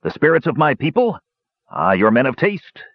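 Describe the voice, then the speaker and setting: A man voicing a gruff, jovial male dwarf who growls and turns hearty, in an audiobook reading. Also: medium pitch, very animated, moderate pace, phone-quality sound, pitched above the performer's own voice. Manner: growling, then hearty and cheerful.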